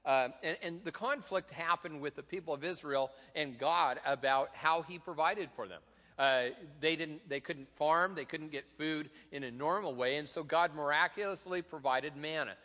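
A man's voice: a little high, moderate pace, sharp tone. A middle-aged man, a pastor preaching a sermon in a conversational, joking way, with many fillers and restarts, in a church sanctuary. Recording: long reverb in a large hall.

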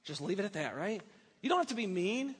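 Husky high-voiced pastor preaching in a hall. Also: male voice, a little fast. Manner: animated, with joking asides. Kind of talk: sermon. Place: church sanctuary. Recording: long hall reverb.

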